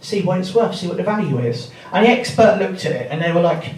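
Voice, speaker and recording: A man's voice: sits high, lively intonation, quick pace. A man doing stand-up comedy, laddish and swearing, laughing along with his own jokes. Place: theatre stage before a live audience. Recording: roomy theatre sound from a distant mic, loud audience. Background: audience laughter.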